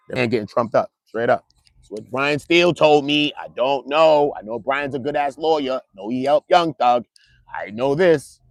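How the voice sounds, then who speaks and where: Gravelly slangy New man. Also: on the high side, dry recording, clean studio sound. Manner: loose street slang, joking, animated storytelling. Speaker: trial commentator. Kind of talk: casual livestream commentary.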